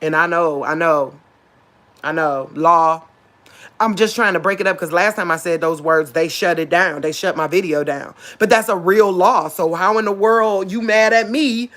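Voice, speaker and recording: A woman preaches straight to her viewers, like an informal sermon. She pushes her voice high and hard when she wants to stress a point. At other moments she drops to a soft, emotional murmur. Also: normal speed. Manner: repeats "real talk" and "you get what I'm saying". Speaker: online preacher. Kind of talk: informal spoken sermon to camera.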